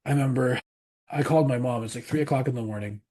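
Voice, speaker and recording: A man's voice: medium pitch, quick pace, dark tone. A man, a pastor guest on a podcast, earnestly telling a personal story in a rambling way, often repeating himself.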